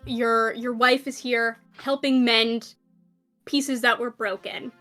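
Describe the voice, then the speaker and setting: A woman narrating as game master in a tabletop game, unhurried and pausing often with fillers. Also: fairly high pitch, little pitch movement, sharp tone, soft background music.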